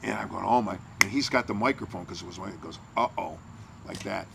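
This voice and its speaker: A man who works as a morning radio DJ, telling an animated backstage story and acting out the people in it. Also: low voice, racing, vocal fry, very noisy. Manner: animated storyteller, acts out quotes.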